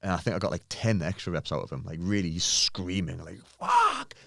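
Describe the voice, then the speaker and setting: A man in his thirties telling a lively gym story in casual chat, swearing freely and acting out what people said. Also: low voice, quick pace, creaky, no room sound, studio quality. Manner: animated, swears often, acts out quotes. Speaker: podcast guest, bodybuilder.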